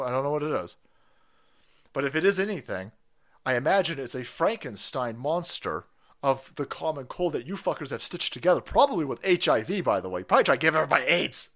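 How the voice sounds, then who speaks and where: A man's voice: mid-range voice, animated, fairly quick, fairly bright tone. A man hosting a live stream, ranting heatedly and mockingly with lots of swearing. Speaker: stream host. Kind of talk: profane ranting commentary.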